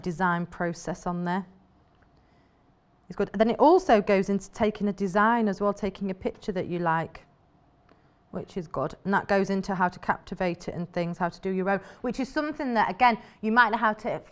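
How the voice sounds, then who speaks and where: A woman hosting a live shopping-channel demonstration, talking in a chatty, enthusiastic, rambling way. Her voice sits in an ordinary middle pitch for a woman, and she is a studio presenter.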